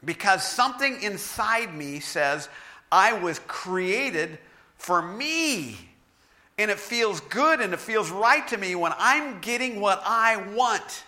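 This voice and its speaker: Bright-voiced man preaching with humor. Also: high-pitched, a little slow, hardly any pauses. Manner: animated storytelling with self-deprecating humor. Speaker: pastor. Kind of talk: sermon.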